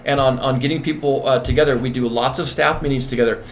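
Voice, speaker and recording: A man being interviewed as a nurse manager and executive coach, talking in an emphatic, repetitive, animated way. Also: medium pitch, fast.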